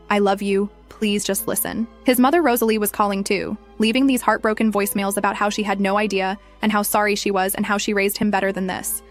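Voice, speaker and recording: A young woman narrating a scripted first-person story in a brisk, dramatic way. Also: mid-range voice.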